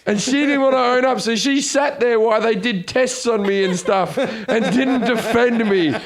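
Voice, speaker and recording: Man, high voice, crude storytelling. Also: moderate pace. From Australia. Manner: crude storytelling, laughing at himself. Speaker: podcast co-host. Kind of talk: casual chat.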